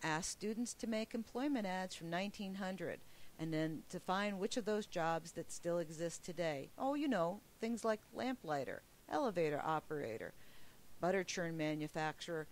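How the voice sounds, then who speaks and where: A woman's voice: lowish voice, animated, moderate pace. A woman presenting a teacher training webinar, upbeat and emphatic as she walks through slides. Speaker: professional development trainer.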